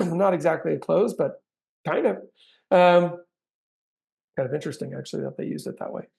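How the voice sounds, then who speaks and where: A man's voice: fairly high pitch, moderate pace, vocal fry, darkish tone. A middle-aged man teaching sales technique in a chatty training talk, acting out sample lines now and then.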